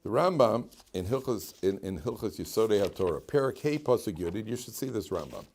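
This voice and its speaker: A man's voice: on the low side, animated, a little fast, a little mellow. A man giving an informal Torah class to yeshiva students, telling stories, asking rhetorical questions and translating Hebrew terms as he goes. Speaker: rabbi teaching yeshiva students.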